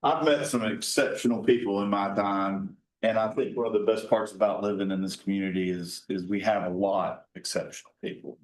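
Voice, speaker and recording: Deep, flat-voiced man at a council meeting. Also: reverberant, poor audio. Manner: earnest, halting with restarts. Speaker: council member.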